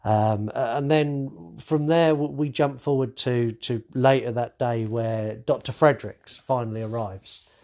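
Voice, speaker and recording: A man's voice: mid-range voice, a little slow, creaky, a little mellow. A man hosting a podcast, recapping a horror movie in casual chat, swearing freely and stumbling over restarts. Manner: swears freely, acts out characters' lines; many fillers and restarts. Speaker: podcast host.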